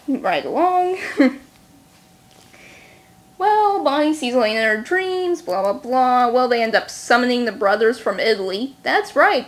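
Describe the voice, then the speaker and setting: Sarcastic, fast-talking woman vlogger. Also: high-pitched. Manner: sarcastic, snarky; talks fast. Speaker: book reviewer. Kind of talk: casual vlog recap.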